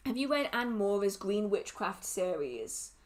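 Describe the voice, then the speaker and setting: A woman's voice: mid-range voice, very animated, measured pace. A woman hosting a casual livestream Q&A, reading out viewer questions and answering them in a giggly, rambling, emotional way.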